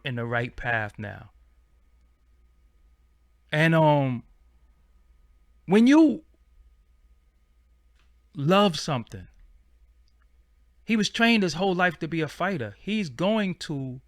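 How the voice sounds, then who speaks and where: A man's voice: medium pitch, no room sound, clean studio sound. A man, hosting a casual livestream and chatting in a slangy, rambling way. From Brooklyn, New York. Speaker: channel host.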